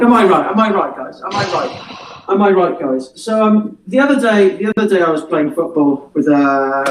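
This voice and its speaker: A man's voice: high voice, recorded from a distance, a little hiss or hum. A young Englishman doing a rambling stand-up set of one-liners over a video call, often repeating "right, guys". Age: young adult. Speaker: stand-up comedian. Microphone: laptop or webcam mic on a video call. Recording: echoey room, away from the mic.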